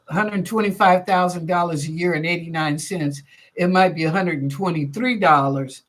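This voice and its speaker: A woman hosting a live psychic reading show, talking with her viewers in a chatty, lively way full of casual street slang. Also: on the low side. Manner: reads viewer questions aloud. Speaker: psychic reader and show host.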